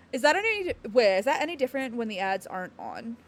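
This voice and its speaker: A woman in casual live-stream chat from home, her voice sitting high. She rambles, giggles often and turns to address her chat as she goes. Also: sing-song, normal speed.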